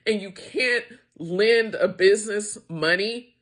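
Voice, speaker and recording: Taking it slowly in a mid-range voice, an American woman who runs a wine tasting room vents to camera. Her emotional, profanity-laced rant about being turned down for a grant is full of frustration.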